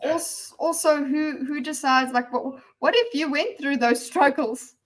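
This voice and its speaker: A woman giving casual reaction commentary on a discussion video, chatty and animated, often stammering and restarting, sometimes dropping to a near-whisper. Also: high voice, unhurried.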